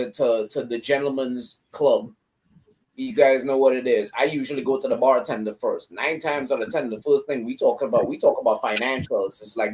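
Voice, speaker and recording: A man on a casual panel, telling stories in animated, slang-heavy talk. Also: mid-range voice, poor audio. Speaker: panel guest.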